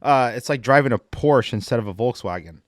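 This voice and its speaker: A man's voice: medium pitch, expressive, brisk, no room sound. Dry-sounding man in casual chat. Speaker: podcast co-host, kids ministry leader.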